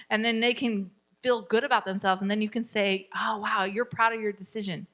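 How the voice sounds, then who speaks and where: A woman's voice: medium pitch, fairly even intonation, fairly quick, hardly any pauses, fairly bright tone. A woman teaching a parenting class, encouraging her students and acting out what parents and children say.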